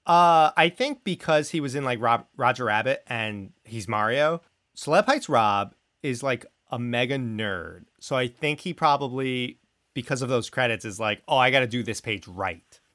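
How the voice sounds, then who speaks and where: A man's voice: mid-range voice, expressive, normal speed, a bit bright. A man co-hosting a podcast, joking in a casual, mock-serious way. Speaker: podcast co-host. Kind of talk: casual comedic chat.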